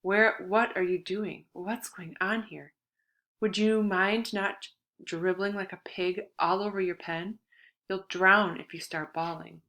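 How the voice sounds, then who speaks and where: A woman's voice: medium pitch, steady tone, slow pace, sharp tone. A woman reading an audiobook, voicing a bossy, mocking old grandfather who speaks as a ghostly voice. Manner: gruff, mocking, bossy coaching. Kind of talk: audiobook character voice.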